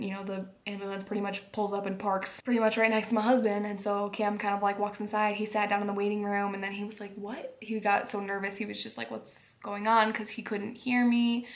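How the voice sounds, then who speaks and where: Young woman vlogger, casual and rambling, notable vocal fry, mid pitch. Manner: rambling, frequent fillers like "like". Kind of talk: casual storytelling vlog. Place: home at bedtime.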